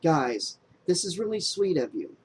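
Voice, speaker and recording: A man voicing a quiet, earnest young woman. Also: a little high, moderate pace, slight background noise, close to an everyday voice, rough recording. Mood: earnest, grave. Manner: soft and hushed, lightly raised voice. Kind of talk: audiobook character voice.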